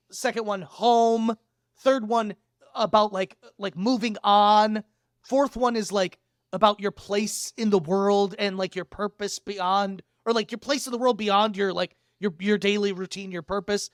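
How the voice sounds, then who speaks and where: A young man co-hosting a casual podcast, animated and quick to laugh and swear. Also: high-pitched, clean tone, no echo, studio quality. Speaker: podcast co-host.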